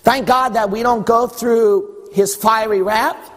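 A man preaching a sermon as pastor, animated, acting out exchanges with God. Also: high voice, slow pace. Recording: echoey hall with long reverb.

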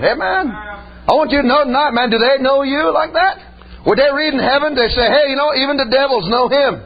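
High-voiced, folksy preaching man. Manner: emphatic, colloquial, rising to shouts. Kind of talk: folksy storytelling sermon. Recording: slightly muffled with faint hum.

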